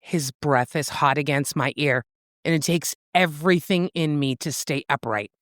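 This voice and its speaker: A woman with a low-sitting voice, speaking at normal speed, co-hosts a casual book chat podcast. She retells the plot animatedly, acting out lines and laughing often, in a studio-quality recording with no echo.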